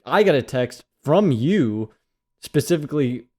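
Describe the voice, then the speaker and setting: A young man in his twenties co-hosts a podcast and trades dry, teasing banter with his partner. His voice sits at an ordinary mid pitch, and he keeps the chat casual. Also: expressive, measured pace, mellow. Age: 20s. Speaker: podcast co-host.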